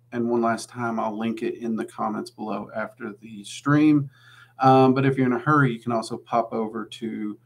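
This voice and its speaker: Casual Southern-accented male host, rambling Q&A on a home stream, gravelly edge. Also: fairly low pitch. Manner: chatty and rambling, with many "um"s. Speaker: livestream host answering viewer questions. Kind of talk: casual livestream Q&A.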